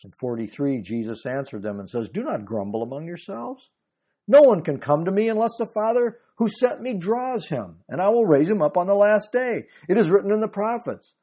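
A man delivering a sermon, moving between reading scripture aloud and explaining it. His voice is mellow and warm, sitting a little higher than most men's. He presses hard on key phrases with emphatic swells. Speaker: preacher.

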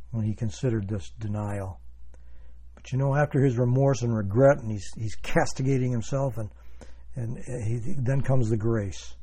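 A man's voice: mid-range voice, dark tone, husky. A man preaching a sermon as pastor, reading scripture and explaining it in an earnest, emphatic way. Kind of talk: sermon, Bible teaching.

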